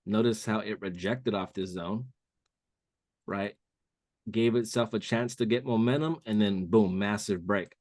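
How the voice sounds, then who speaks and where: A man's voice: fairly low pitch, unhurried, a little mellow, no echo, clean studio sound. A man on a live call walking listeners through a trading chart, talking loosely and calling them "bro". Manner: casual, says "bro" a lot. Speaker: trading mentor.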